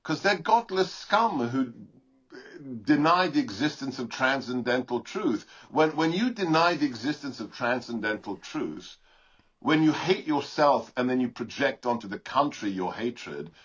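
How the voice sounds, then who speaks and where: A man's voice: medium pitch, sing-song, unhurried, fairly bright tone, slightly rough, dull audio. A man from Britain, a guest giving combative, emphatic political commentary in an interview.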